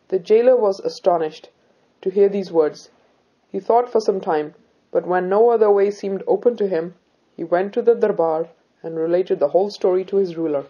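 Husky-voiced woman narrating a story. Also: mid-range voice, moderate pace, dark tone, muffled recording. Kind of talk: scripted narration.

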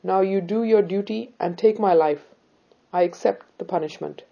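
A woman reading the part of a brave young Sikh woman who speaks calmly, politely and firmly. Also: medium pitch, normal speed, gravelly, muffled recording. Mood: resolute. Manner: calm, polite, firm.

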